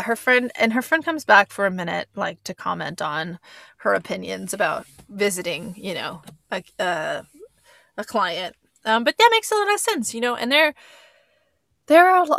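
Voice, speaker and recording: A woman talks her way through a podcast recap in a loose, rambling manner full of "um" and "like." Her voice has a gravelly, fry-tinged edge. The sound is close and dry. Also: medium pitch, fairly bright tone, no room sound. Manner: chatty and rambling, with many fillers. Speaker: podcast host. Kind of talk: casual podcast chat.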